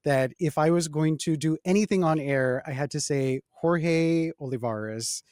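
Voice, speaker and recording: A man's voice: on the high side, moderate pace, darkish tone, dry recording, clean studio sound. A young adult man from the Texas-Mexico border hosting a casual conversation, talking earnestly and reflectively and putting questions to his guests. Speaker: host.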